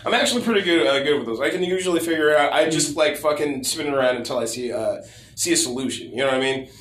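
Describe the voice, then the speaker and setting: A man in casual chat, rambling with many stammered restarts and a lot of swearing, his voice going hoarse. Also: on the high side, fast, a bit bright. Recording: roomy echo.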